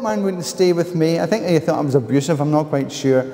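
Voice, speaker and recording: A man with a Glaswegian accent preaching a sermon, telling a personal story in an animated way with loud, higher-pitched outbursts. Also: fairly quick, hardly any pauses. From Scotland. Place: church. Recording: long reverb of a church hall.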